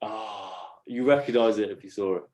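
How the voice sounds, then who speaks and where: A podcast co-host with a lowish, slightly mellow voice chats casually at a moderate pace. He rambles and laughs as he tells stories, sometimes slipping into silly voices.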